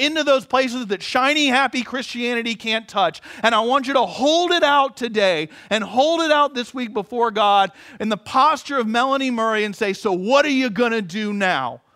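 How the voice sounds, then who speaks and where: A man preaching a sermon as pastor, telling a story in an earnest manner with long measured pauses. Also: very high-pitched, bright, forceful tone.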